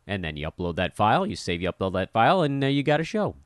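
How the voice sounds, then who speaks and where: A middle-aged man from Los Angeles hosting a casual solo podcast, telling stories in a self-deprecating, animated way. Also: on the low side, quick pace, no echo, clean studio sound. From Los Angeles, USA. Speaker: podcast host.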